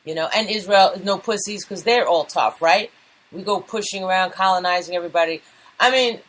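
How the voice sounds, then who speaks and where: A woman's voice: medium pitch, a little fast, slight background noise, low-quality recording. A woman co-hosting a casual talk show, teasing and playful in her banter. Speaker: show co-host.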